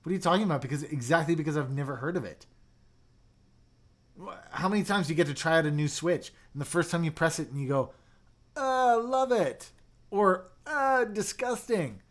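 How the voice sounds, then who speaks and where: Young guy on a keyboard livestream, kinda high voice, hyped and chatty, mutters asides. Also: quick pace. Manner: excitable, chatty, drops to mumbled asides. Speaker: livestream host reviewing keyboards. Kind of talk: casual livestream chat reading viewer comments.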